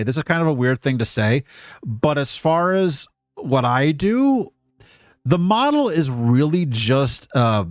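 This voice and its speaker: A male VTuber rambles through casual stream commentary, swearing freely and getting worked up as he talks. His voice sits at an ordinary middle pitch. The sound is close and dry, with no room in it. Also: no room sound. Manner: rambling and profane; emotionally animated on stream.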